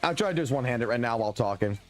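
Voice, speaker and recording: A man streaming a game live, ranting with heavy swearing in an animated, excitable way. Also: mid-range voice, very fast, faint music behind. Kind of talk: profane live stream rant while gaming.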